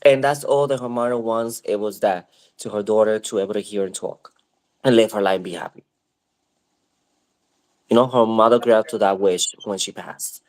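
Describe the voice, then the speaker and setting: A man's voice: lowish voice, moderate pace, long pauses, darkish tone. A man in casual conversation, telling a long story in a rambling way with many fillers and restarts.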